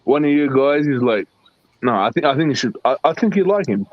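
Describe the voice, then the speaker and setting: A man's voice: medium pitch, lively intonation, fairly quick, dry recording, muffled recording. Teasing Australian man on voice chat. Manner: joking, teasing, says "mate" a lot. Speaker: stream chat participant. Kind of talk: casual chat.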